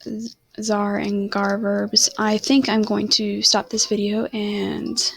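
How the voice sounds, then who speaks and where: A woman's voice: mid-range voice, flat delivery, slow pace, creaky, fairly bright tone, breathy edge, dry recording. A woman teaching a recorded online lesson, rambling and often stopping to correct herself. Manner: self-correcting, apologetic, rambling. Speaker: Spanish teacher.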